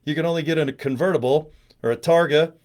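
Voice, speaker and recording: A man's voice: on the high side, fast talker, a little mellow. A man, a network marketing trainer, chatting casually and going off on jokey tangents during a live stream. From United States. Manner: chatty, digressive, joking. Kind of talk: rambling casual livestream. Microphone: webcam or phone on a live stream.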